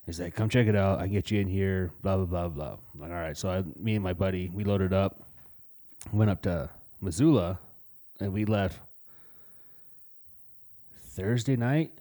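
A man's voice: low voice, normal speed, long pauses, dark tone. A man co-hosting a casual podcast, telling blunt, profanity-heavy stories from his youth. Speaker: podcast co-host. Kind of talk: casual storytelling chat.

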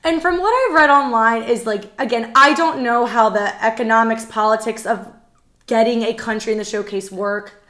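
A woman co-hosting a casual podcast chat, animated and rambling with lots of fillers. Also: fairly high pitch, normal speed. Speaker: podcast co-host.

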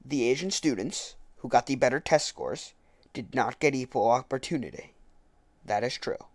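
A man's voice: mid-range voice, normal speed, dry recording. A man commenting on a political speech, arguing point by point and correcting his own slips. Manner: argumentative, self-correcting. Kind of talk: reading a speech aloud and commenting on it.

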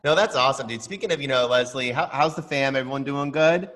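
A man's voice: mid-range voice, quick pace, fairly bright tone. A middle-aged man co-hosting a podcast, chatting casually and upbeat, often calling his friend "dude" and "man". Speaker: podcast co-host. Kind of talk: casual chat.

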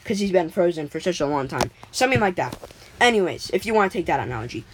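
A woman's voice: on the low side, very animated, quick pace, background noise. A woman casually making up a story as she goes, rambling with lots of fillers and restarts.

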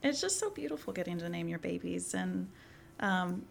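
Gravelly low-voiced young woman interviewer. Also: lively intonation, moderate pace, a little hiss or hum. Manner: gentle, filler-heavy, lots of likes and ums. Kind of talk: casual faith conversation.

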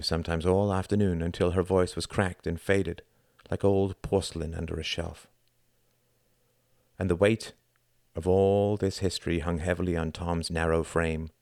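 A man reading an audiobook in a measured, deliberate scripted narration. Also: sits low, flat delivery, darkish tone, dry recording, clean studio sound.

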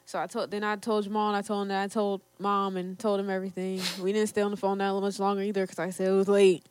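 A woman's voice: mid-range voice, flat delivery, quick pace, darkish tone, smooth, no room sound. A young woman casually telling a personal story to camera, quoting her parents and often laughing as she talks. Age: young adult. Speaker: storyteller, co-host.

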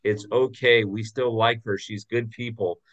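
A man's voice: medium pitch, fairly even intonation, unhurried, a bit bright, lo-fi sound. A man hosting a sports podcast, asking his co-hosts questions in an easygoing, teasing way. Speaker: podcast host. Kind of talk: casual sports chat.

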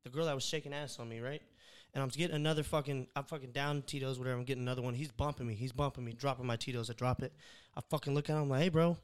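Fast-talking man telling a bar story. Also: mid-range voice, clean tone. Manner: animated, swears a lot, acts out quotes. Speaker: podcast host. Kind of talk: casual storytelling chat.

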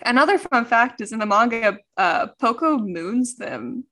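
A woman co-hosting a casual podcast, chatting quickly and laughing often. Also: fairly high pitch, lively intonation, bright, forceful tone. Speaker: podcast co-host. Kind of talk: casual chat.

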